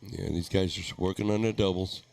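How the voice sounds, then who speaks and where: A man's voice: low-pitched, steady tone, a little fast, creaky, a little mellow. A man giving easygoing, chatty live play-by-play commentary at a darts tournament. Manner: easygoing, chatty, laughs easily.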